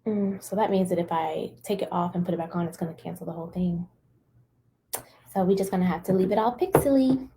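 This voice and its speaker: A woman's voice: on the low side, fairly quick, breathy edge. A woman in her thirties co-hosting a podcast, telling stories in casual chat and acting out what people said, with many fillers. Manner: animated storyteller, acts out quotes, many fillers like "like". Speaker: podcast co-host.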